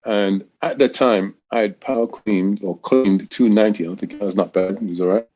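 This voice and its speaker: A man's voice: lowish voice, moderate pace, mellow, dull audio. A man in his sixties from Great Britain, a college throws coach telling stories in a casual interview, rambling with frequent restarts.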